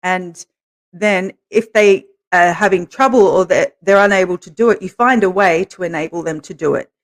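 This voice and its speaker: A woman co-hosting a podcast, telling candid stories in a relaxed way and laughing as she goes. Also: on the low side, moderate pace. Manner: laughs through her stories, animated quoting. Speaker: podcast co-host, interviewed as guest. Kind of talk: candid conversational storytelling.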